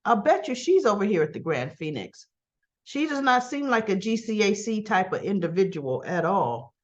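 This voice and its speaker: A woman giving a casual, chatty recap, animated and full of rhetorical asides. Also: mid-range voice, moderate pace, highs cut off. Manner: animated, rhetorical asides, talks back to characters. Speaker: soap opera recap vlogger.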